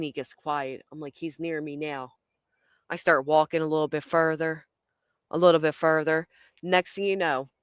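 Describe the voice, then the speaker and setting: A woman's voice: deep voice, clean tone, no room sound, clean studio sound. A woman telling a wild personal story in a blunt, casual way, swearing constantly, acting out her own inner voice and laughing through her lines.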